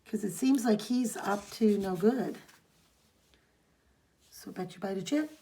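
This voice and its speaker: Brief: woman podcast co-host, mellow mid voice, loose chatty recap. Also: medium pitch, takes it slowly. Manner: rambling recap, reads dialogue aloud. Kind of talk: casual chat recapping a comic.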